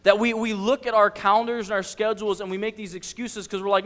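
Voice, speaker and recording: A youth ministry director with a high-pitched male voice talks fast while preaching a casual, chatty sermon in a church sanctuary. He's animated, full of filler words, and acts out the story as he goes. His voice trails off into a long reverb tail.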